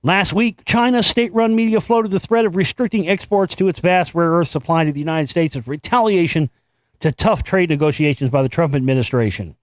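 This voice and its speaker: A man hosting his own commentary show, his voice sitting notably high for a man. He reads an article aloud and breaks off into profane, sarcastic jabs at it. The sound is dry and close, with no room echo at all. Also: fairly quick. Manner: sarcastic, swears freely, mocks what he reads. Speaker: host.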